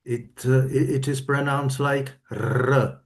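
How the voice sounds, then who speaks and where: A Czech man, a student in an online class, speaks slowly and haltingly with fillers in a mid-range voice over a video call. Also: mid-range voice. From Czech Republic.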